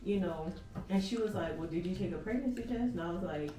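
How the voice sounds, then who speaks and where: A woman's voice: on the low side, fast. Woman vlogger telling a story. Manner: animated storytelling, acting out conversations. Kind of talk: casual chat. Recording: echoey room, far from the mic, music behind.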